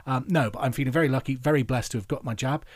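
A man from England hosting a trivia podcast, chatty and upbeat, reading out each question slowly and then again. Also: medium pitch, no echo, clean studio sound. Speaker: quiz host.

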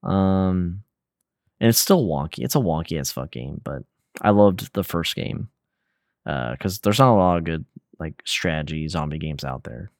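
A young man co-hosting a casual gaming podcast, rambling in a relaxed way with lots of fillers and slang. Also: low-pitched, normal speed, dry recording, clean studio sound. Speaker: podcast co-host.

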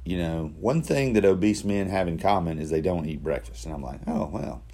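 A man's voice: low-pitched, fairly quick, warm tone. A man talking through his day in a casual, self-reflective monologue, rambling and correcting himself as he goes. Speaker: daily video diarist.

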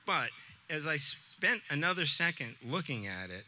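A man's voice: fairly high pitch, sing-song, moderate pace, pushed and bright. A man, a teacher, telling a personal story to a live audience in an earnest, conversational way. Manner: earnest, conversational, with quoted dialogue.

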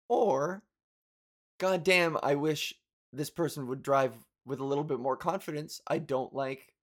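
Profane rambling man ranting to viewers. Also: on the high side. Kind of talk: casual rant to viewers.

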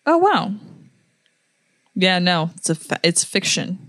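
A woman's voice: on the low side, big pitch swings, slow pace, fairly bright tone, no room sound, clean studio sound. A young woman from Florida, co-hosting a podcast and telling stories casually, with lots of fillers and laughter. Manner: chatty storyteller with many fillers and laughs. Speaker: podcast co-host. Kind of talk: casual chat.

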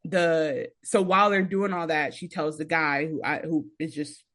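A woman's voice: deep voice, fairly even intonation, normal speed, fairly bright tone. A young woman co-hosting a podcast in casual chat, rambling through a recap and acting out quotes. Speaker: podcast co-host.

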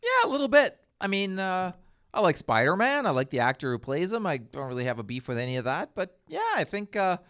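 A man's voice: sits high, big pitch swings, a little fast, fairly bright tone, clean tone. A man co-hosting a casual movie chat, making wry joking asides. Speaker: podcast co-host.

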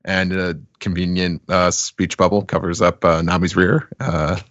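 A man with a low voice hosting a podcast, casually talking through a comic chapter. He chuckles and hams up the quoted lines. The recording is dry and a little muffled. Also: little pitch movement, measured pace, a bit bright, no room sound. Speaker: podcast host.

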